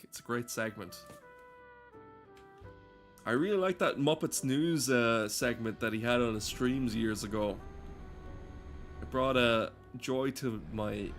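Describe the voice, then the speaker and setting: A man giving casual, profane, rambling and cynical commentary while playing a game. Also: mid-range voice. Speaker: game streamer.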